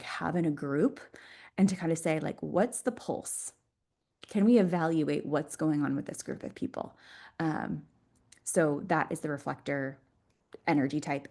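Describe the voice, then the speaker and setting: Low-voiced woman explaining with enthusiasm. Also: a little mellow. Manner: enthusiastic, laughs often while explaining. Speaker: podcast guest, Human Design mentor. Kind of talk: conversational podcast interview.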